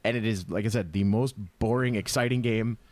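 A man's voice: on the low side, a little fast, darkish tone. A man co-hosting a casual gaming podcast, swearing freely, laughing often and acting out quotes in goofy voices. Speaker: podcast co-host.

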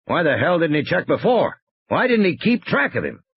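A man doing a gruff, exasperated warden. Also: fairly high pitch, wildly swooping pitch, normal speed, lo-fi sound, a little hiss or hum, voice pushed up. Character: gruff tough male game warden, impatient. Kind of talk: audiobook character voice.

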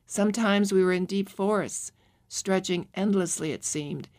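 A woman narrating a memoir audiobook in a measured, calm reading. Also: medium pitch.

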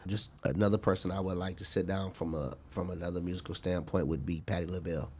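Low-voiced man in relaxed interview chat. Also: fast talker, breathy edge. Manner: earnest, reflective, laughs easily. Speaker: guest.

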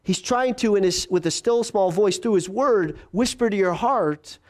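A male pastor preaching a sermon, acting out quoted voices and dropping to a hush for God's quiet words. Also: normal speed. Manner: drops to a hushed low voice for God's quiet words.

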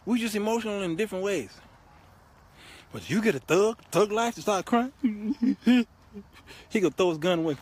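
A man hosts a show, giving comedic relationship advice in an animated, laughing manner. His voice sits a bit high and swings widely in pitch. It has a husky edge. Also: moderate pace, pauses often. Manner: animated, laughing, preachy and joking. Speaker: host.

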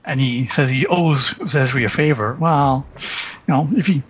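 A man talking casually as a podcast guest, halting and restarting his sentences. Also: medium pitch, slight background noise. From Canada. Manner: halting, restarts often, chuckles. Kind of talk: casual chat about tabletop games.

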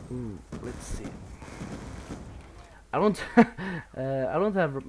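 A man's voice: mid-range voice, sing-song, drawn-out words, a little hiss or hum. Swedish-accented young man commentating gameplay. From Sweden. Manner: casual and nervous, swears often, laughs at himself.

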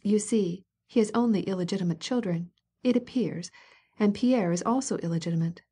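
A woman's voice: medium pitch, brisk, mellow, husky, close to an everyday voice. A woman reader voicing a curious aristocratic countess who asks prying questions with feigned innocence.

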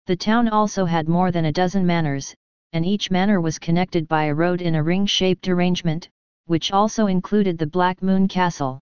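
A woman narrating an audiobook in steady scripted storytelling, recorded close on a studio mic. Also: lowish voice, normal speed, clean tone, no echo.

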